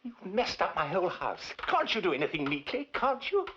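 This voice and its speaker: An actor playing an obsessively neat husband in a 1970s horror film, screaming the same question again and again. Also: male voice, high-pitched, very animated, brisk. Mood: screaming rage. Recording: dull old film soundtrack, faint hiss.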